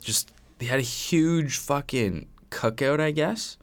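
A young man from Canada co-hosting a podcast in casual chat, crude and animated, swearing often. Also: fairly high pitch, slow pace. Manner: crude, animated, swears a lot, does impressions. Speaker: podcast co-host.

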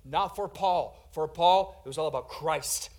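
A man with a notably high voice delivers a sermon. He swings from loud, emphatic declarations down to hushed, intimate passages, and he talks to his listeners casually, calling them "guys". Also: unhurried. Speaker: preacher.

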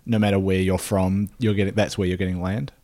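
A man's voice: low voice, little pitch movement, fast, dark tone, dry recording. A man co-hosting a casual podcast, making dry jokes. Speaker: podcast co-host. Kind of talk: casual chat.

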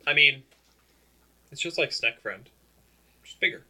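A man's voice: on the high side, lively intonation, unhurried, sharp tone, slight background noise. A man playing in a tabletop game, joking and bantering casually. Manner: playful, jokey, sing-song banter. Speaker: player.

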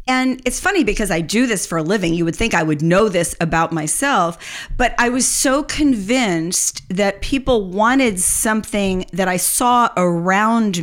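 Middle-aged woman consultant chatting on a podcast, candid, laughs a lot, voice jumps around. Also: mid-range voice. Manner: candid, animated, laughs often. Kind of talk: candid conversational interview.

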